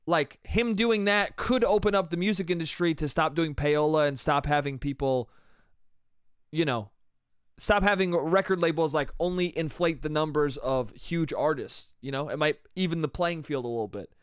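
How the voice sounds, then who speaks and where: Man, comedy podcast rant, crude and rambling, fairly high voice, smooth, dry close sound. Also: expressive, moderate pace, no echo. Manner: rambling, crude, peppered with "dude" and "bro". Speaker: podcast host. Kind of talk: solo comedy podcast monologue.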